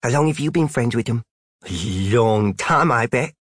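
A man voicing a blunt, rude little girl who scolds and insults in a shrill tone, read as a storybook character. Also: normal speed, no room sound, clean studio sound, close to an everyday voice. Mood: dismissive.

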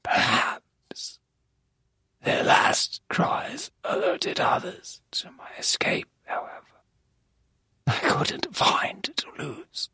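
A reader voicing a broken, guilt-ridden young man who was held captive, in a whispered role-play, hushed, halting and grave. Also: no echo. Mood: haunted whisper.

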